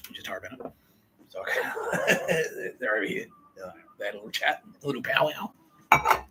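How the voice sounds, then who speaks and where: A man's voice: mid-range voice, big pitch swings, moderate pace, sharp tone, a little hiss or hum, rough recording. An Australian man hosting a podcast, telling a rambling comic story full of swearing and laughter. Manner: profane, laughing, digressive storytelling. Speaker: podcast host.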